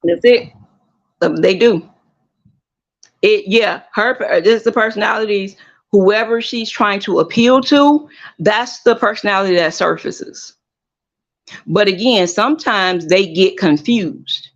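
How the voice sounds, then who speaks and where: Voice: medium pitch, measured pace. A host giving casual gossip commentary in a chatty, emphatic way, often repeating and restarting phrases. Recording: slightly muffled lo-fi audio.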